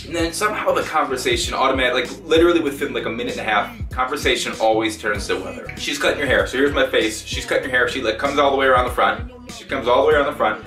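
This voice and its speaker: A man's voice: medium pitch, fast, sharp tone. A man giving a profane, exasperated comedic rant as a gaming video maker, acting out both sides of the story. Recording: roomy echo, distant mic, faint music.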